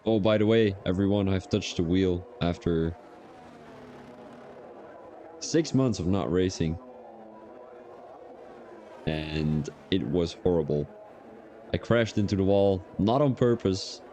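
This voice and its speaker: A man with a low, mellow voice calls a sim racing qualifying session in casual live-stream style. He chats loosely and wanders off into personal asides between updates on lap times. A faint hiss sits behind him. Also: slow pace, long pauses. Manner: chatty, drifts into rambling personal asides. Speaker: sim racing league commentator.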